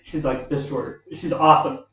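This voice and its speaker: A man's voice: mid-range voice, fairly even intonation, normal speed, a bit bright. A man telling rambling stories from his old jobs in a casual vlog, laughing often and acting out what people said to him. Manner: laughs often while talking, acts out quoted people. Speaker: vlogger telling work stories. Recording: echoey, dull, from far off the mic.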